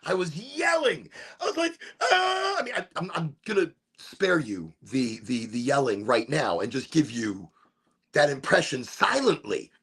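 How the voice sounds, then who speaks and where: Man, middle-aged, from Chicago, husky, lively pitch, casual streamer storytelling. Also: a little slow. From Chicago, USA. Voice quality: gravelly and husky. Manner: animated, rambling, swears, acts out voices with sudden shouts. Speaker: streamer hosting a smoke session.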